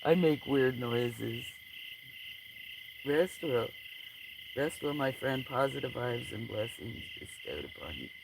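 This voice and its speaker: A man talks to his livestream viewers late at night, slowly and with a gravelly edge. He sounds drowsy and relaxed and yawns between remarks. Crickets, frogs and insects fill the night air around him outdoors. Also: mid-range voice, noisy background. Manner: sleepy, yawning, slow and relaxed. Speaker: livestream host.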